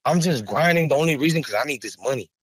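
A man's voice: medium pitch, expressive, fast, a bit bright, slightly rough, no echo. A man, speaking raw and profane in an emotional podcast interview. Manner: raw, angry, profane, rising to heated outbursts. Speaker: rapper and podcast guest. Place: podcast studio.

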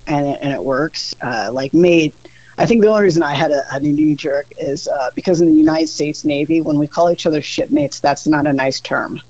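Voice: mid-range voice, moderate pace, a little mellow, highs cut off. A podcast guest talking casually, explaining ideas at length and thinking aloud with fillers along the way.

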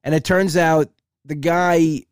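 A man's voice: fairly high pitch, steady tone, slow pace, clear, resonant tone, no room sound, studio quality. A male comedian telling a story casually and chattily, acting out both sides with repeated "I said".

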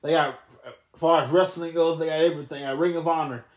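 Young man, late twenties, solo podcast host; loose, rambling delivery, voice sits a bit high. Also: fairly even intonation, quick pace, a little mellow. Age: 20s. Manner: rambling, loose, self-correcting. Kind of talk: casual solo wrestling podcast.

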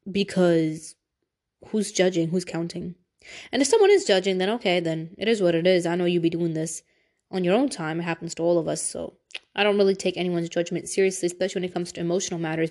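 Speaking to camera in a mid-range voice, a young adult woman gives Islamic life advice as a casual motivational talk. She comes across earnest and candid, using slang and breaking into sudden animated bursts.

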